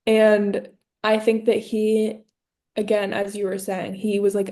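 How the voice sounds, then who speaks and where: A young woman co-hosting a casual comedy podcast tells absurd stories with playful mock seriousness, keeping the banter loose and jokey. Her middle-pitched voice has a warm tone, though her delivery is flat and her pace moderate.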